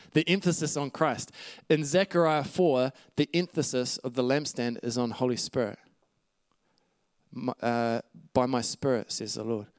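A man's voice: medium pitch, steady tone, measured pace, no room sound. A man preaching a sermon, teaching earnestly from scripture with asides to the congregation. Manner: earnest teaching with scripture references, occasional light laughs.

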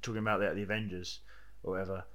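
A man's voice: low-pitched, little pitch movement, very fast, fairly bright tone. A man, chatting casually as a podcast co-host, rambling with lots of fillers and frequent swearing. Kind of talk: casual chat.

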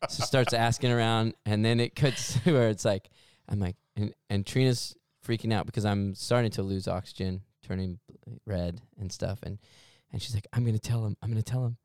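A man's voice: lowish voice, fairly even intonation, normal speed, hardly any pauses, smooth, no room sound, clean studio sound. A young man, a podcast co-host, telling a rambling, self-deprecating story in casual chat and laughing often.

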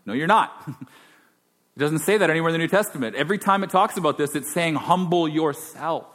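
A man's voice: fairly high pitch, animated, fast talker. Man pastor preaching, chatty then punchy, big echoey church hall. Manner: conversational preaching, shifting from quiet to emphatic. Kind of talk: sermon. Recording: long hall reverb.

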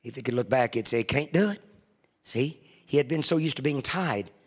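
A man preaching a sermon fervently, swinging from hushed confession to ringing shouts. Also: mid-range voice, fairly quick, slightly rough.

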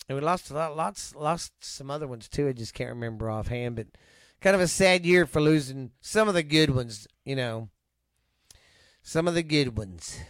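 A man's voice: fairly high pitch, fairly bright tone, clean tone, dry recording, studio quality. A middle-aged man with a Texan accent, co-hosting a casual podcast, ranting and swearing heavily. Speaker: podcast co-host. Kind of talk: casual profane chat.

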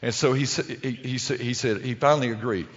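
A man's voice: medium pitch, steady tone, brisk. Rambling middle-aged male storyteller, reverby hall. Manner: rambling, with many restarts and stumbles. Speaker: public speaker telling a story. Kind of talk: humorous storytelling to a live audience. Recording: lo-fi recording with long hall reverb.

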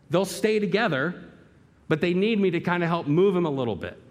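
A man's voice: sits high, expressive, fairly quick. Pastor guy preaching, punchy, asks the crowd questions, big echoey church sound. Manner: emphatic, rhetorical questions, vivid storytelling. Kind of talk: sermon.

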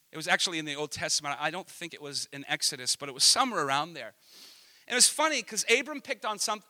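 A man in his thirties preaching in a passionate, animated way, swinging from soft asides to loud emphasis. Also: high voice. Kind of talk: sermon-style storytelling.

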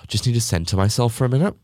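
A man's voice: mid-range voice, darkish tone, no room sound, studio quality. A young man hosting a podcast, ranting sarcastically and swearing often. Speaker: podcast host. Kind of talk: casual podcast rant.

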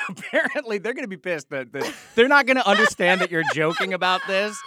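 Give me a podcast co-host in casual chat, wry and deadpan, dipping low for sarcastic asides. The voice moves a lot in pitch. The recording has heavy, loud noise behind it. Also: brisk.

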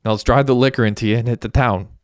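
A man's voice: mid-range voice, steady tone, racing, no echo, studio quality, close to an everyday voice. A man voicing a cocky, joking young man who talks in a brash, teasing, upbeat way.

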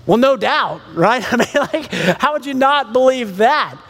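A man preaching a sermon in a loose, animated way, telling a story with laughs and acting out the people in it. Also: very high voice, measured pace, gravelly, in a large hall. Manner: casual, animated storytelling with laughs and acted-out dialogue. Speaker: pastor.

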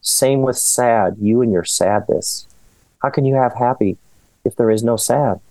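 A man's voice: medium pitch, mellow, close to an everyday voice. A man reading as an odd squat little man lecturing. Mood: emphatic lecturing. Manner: slow, insistent, lecturing.

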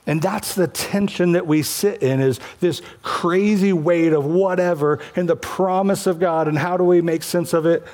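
A man's voice: sits high, moderate pace, hardly any pauses, a little mellow. A male pastor preaching a sermon to his church, conversational and passionate, rising to emphatic peaks.

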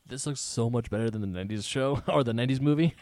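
A man's voice: mid-range voice, fast talker, no echo, clean studio sound. A man co-hosting a casual podcast, telling stories and acting out his own quoted reactions. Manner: animated storytelling with quoted asides. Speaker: podcast co-host. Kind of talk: casual chat.

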